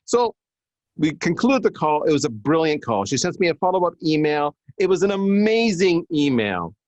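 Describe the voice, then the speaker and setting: This middle-aged man's voice is fairly high-pitched and moderately paced, with no room sound in the recording. As a marketing executive guest on a live podcast, he spins animated anecdotes and acts out the quotes with distinct voices.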